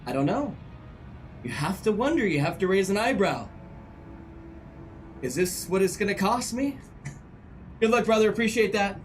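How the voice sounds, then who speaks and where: A man's voice: sits high, lively intonation, moderate pace, pauses often, slight background noise, rough recording. A male game streamer chatting casually and joking with his live chat. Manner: joking, playful banter with chat.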